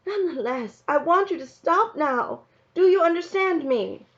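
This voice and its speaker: A woman's voice: very high voice, lively intonation, normal speed, pitched above the performer's own voice. A woman reading aloud, voicing a stern, worried mother who speaks firmly and questions pointedly. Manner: firm, questioning. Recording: dull lo-fi recording.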